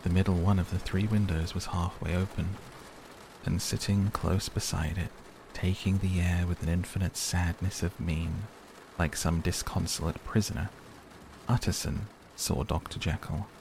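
A man narrating a classic novel as a calm, measured bedtime audiobook. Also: low voice, background noise. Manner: measured, soothing. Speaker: audiobook reader. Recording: steady rain sounds behind.

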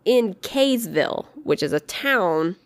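A woman co-hosting a casual podcast, with a raspy voice, rambling and swearing as she talks. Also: medium pitch, animated, slow, no echo. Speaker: podcast co-host. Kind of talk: casual chat. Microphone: laptop setup.

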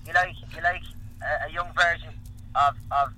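A man's voice: on the high side, steady tone, normal speed, sharp tone, pitched above the performer's own voice, low-quality recording. A man doing a gushing talent show judge. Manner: gushing, repetitive praise. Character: excitable Irish male talent show judge.

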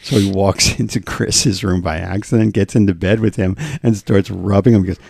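A relaxed man co-hosting a podcast with a low, gravelly, husky voice. He laughs easily and keeps his replies short and encouraging. The recording is dry and close. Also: moderate pace, no room sound. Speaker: podcast co-host. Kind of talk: casual chat.

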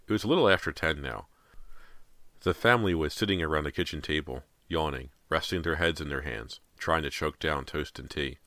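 A man reading a horror novel aloud in a measured, steady voice, close to the mic. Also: extremely low pitch, no room sound. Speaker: audiobook narrator. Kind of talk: scripted horror narration.

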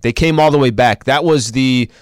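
Smooth-voiced male sports talk host. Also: medium pitch, moderate pace, no echo, studio quality. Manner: conversational, recounting games with fillers.

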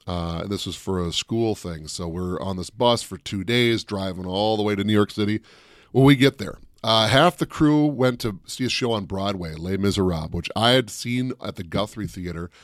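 A man co-hosting a casual chat, telling stories with lively energy and shouting out the voices of people in them. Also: on the low side, normal speed, no room sound, clean studio sound. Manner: animated storyteller, shouts out quoted voices. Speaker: co-host.

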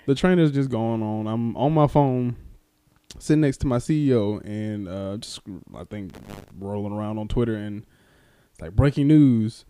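A man's voice: fairly low pitch, moderate pace, smooth, dry recording. A man hosting a casual podcast who teases his co-host, laughs often and tells stories loosely with many fillers. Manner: teasing, animated, laughs often.

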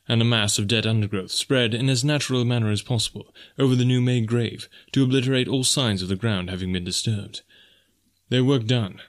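Low-voiced male audiobook narrator. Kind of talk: scripted story narration.

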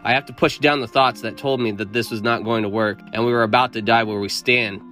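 Low-voiced man reading a story. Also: fairly even intonation, brisk, pushed and bright, soft background music. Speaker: narrator. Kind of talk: first-person story reading.

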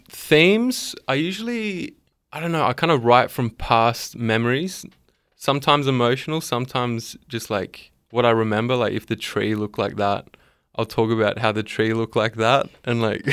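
A laid-back Australian man chats as a guest musician on a radio show, pausing often with ums. His mid-pitched voice is smooth and resonant. The studio sound around him is dry and close. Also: fairly bright tone, no echo. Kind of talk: casual radio interview.

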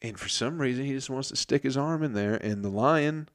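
A man's voice: mid-range voice, brisk. A man telling a story in a casual comedic monologue, profane and rambling, often interrupting himself.

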